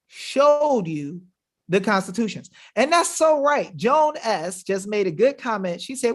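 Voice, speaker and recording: A man with a fairly high voice rants to his webinar audience, and his pitch swings widely as he talks. He is emphatic and combative, with slangy, casual phrasing throughout. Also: fairly bright tone. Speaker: webinar host. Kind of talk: fiery casual livestream talk.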